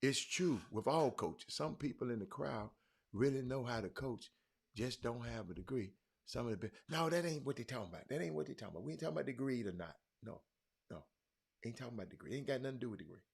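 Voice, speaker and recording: A middle-aged man hosting a sports talk show, chatting loudly and calling out viewers by name in casual Southern vernacular. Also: medium pitch, fast, vocal fry, breathy edge. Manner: loud, excitable, calls out viewers by name; Southern vernacular, y'all and ain't. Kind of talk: casual livestream chat reading comments.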